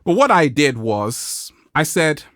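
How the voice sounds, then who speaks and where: A vlog host on a motivational channel speaks slowly but playfully and animatedly to his viewers, laughing often and acting out quoted people in a high voice. The recording is dry, with clean studio sound.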